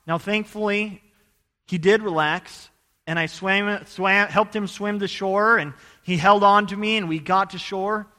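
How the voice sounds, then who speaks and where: Man from idaho preaching, high bright voice, story-telling, echoey church hall. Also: fairly even intonation, measured pace. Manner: earnest storytelling, rising to loud urgent bursts. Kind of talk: sermon with personal story.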